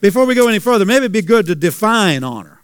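A man's voice: sits high, sing-song, quick pace, smooth, dry recording. A male pastor preaching a sermon, asking the congregation questions and repeating phrases for emphasis.

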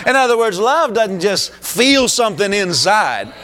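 A man's voice: high-pitched, sing-song, measured pace, pushed and bright. A man from the United States preaching a sermon as pastor, emphatic, with rising exclamations.

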